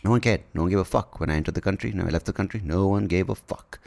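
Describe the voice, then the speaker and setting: A man's voice: low voice, rapid-fire, creaky, a little mellow. A man in his forties, a podcast host and comedian, ranting casually, profane, rambling and self-mocking.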